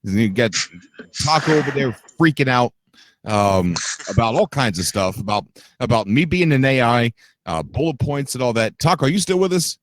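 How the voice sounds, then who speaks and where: A man's voice: medium pitch, expressive, moderate pace, dry recording. A man hosting a game stream in casual chat, joking and laughing often with his co-hosts. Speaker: streamer host.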